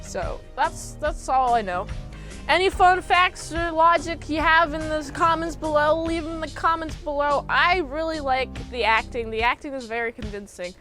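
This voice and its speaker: Young woman w a high voice doing a rambly movie recap, lots of "like", faint music behind. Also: moderate pace, bright, forceful tone. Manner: rambling, filler-heavy, slips into goofy character impressions. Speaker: movie reviewer.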